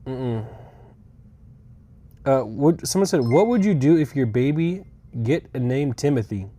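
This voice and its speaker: A man's voice: medium pitch, lively intonation, measured pace, dark tone. A young man live-streaming from a rental car, chatting casually, rambling and swearing, with dry sarcastic asides. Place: inside a rental car on a road trip.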